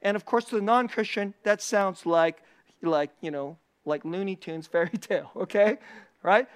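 A preacher with a weekly video channel gives a casual, animated sermon, repeating key phrases and laughing often. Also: medium pitch, moderate pace, clean tone.

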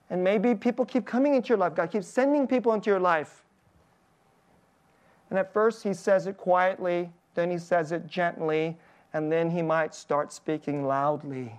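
A pastor preaches in a relaxed, talk-to-you way at a church service, often breaking into a little chuckle between points. The delivery stays informal and animated, with questions thrown straight at the congregation. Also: mid-range voice, normal speed, dull audio. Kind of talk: conversational sermon.

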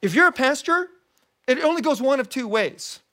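A pastor giving a sermon in an animated, conversational storytelling manner. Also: high voice, moderate pace.

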